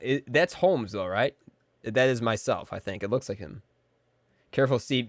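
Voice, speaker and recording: A man livestreaming a video game, commenting casually and excitedly, joking and talking to his chat. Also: mid-range voice, normal speed, dry recording, clean studio sound. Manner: excitable, jokey, talks to chat. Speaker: game streamer. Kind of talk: casual live gameplay commentary.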